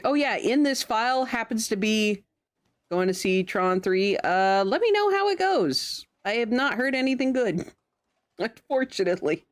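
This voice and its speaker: Giggly, lively woman streamer. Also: on the high side, a little slow. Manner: giggly, chatty, laughs often. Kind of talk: casual let's-play commentary.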